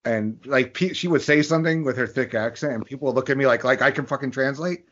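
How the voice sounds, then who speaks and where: A man hosting a podcast, telling crude, animated stories and laughing often. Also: mid-range voice, fast talker, dull audio. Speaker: podcast host. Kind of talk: casual chat.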